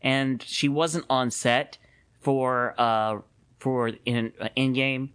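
A man co-hosting a podcast in casual chat, animated and quick to laugh, often restarting his sentences. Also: medium pitch, clear, resonant tone. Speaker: podcast co-host.

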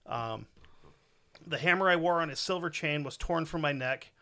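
Bright-voiced man, crude and joking. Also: a little high, moderate pace. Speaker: podcast host reading a listener's story. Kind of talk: casual podcast chat.

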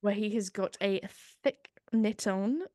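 A woman's voice: medium pitch, a little slow, a little mellow, dry recording. Chatty woman with a dry close sound. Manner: chatty, wry, retells scenes with asides. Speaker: podcast co-host. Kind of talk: casual recap chat.

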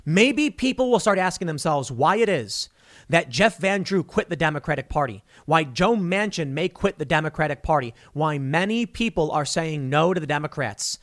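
A male commentator with a fairly high-pitched voice, talking straight to his audience in a blunt, sarcastic monologue. He sounds scornful and unfiltered, firing off opinions without hedging. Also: animated, moderate pace, fairly bright tone. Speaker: political commentator.

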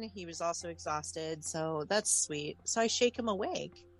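A woman telling a personal story as an interview guest, candid and wry, with many fillers. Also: on the low side.

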